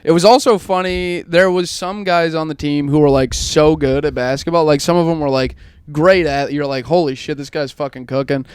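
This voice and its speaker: Young male podcast host, slightly high voice, chatty and rambling, dry close sound. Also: normal speed, clean tone, no room sound. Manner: rambling, laughs through stories. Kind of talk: casual storytelling chat.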